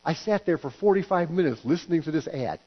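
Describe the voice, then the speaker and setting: A man's voice: on the high side, expressive, quick pace. Man, pastor, folksy joking sermon, stumbling restarts, muffled lo-fi sound with hum. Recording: dull lo-fi recording with hum.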